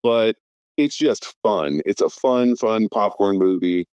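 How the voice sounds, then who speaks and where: A man's voice: fairly low pitch, takes it slowly, a little mellow, dry recording, dull audio. A man in his fifties chatting on a film podcast, eagerly rattling off names and credits with plenty of fillers. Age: 50s. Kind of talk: casual film podcast chat.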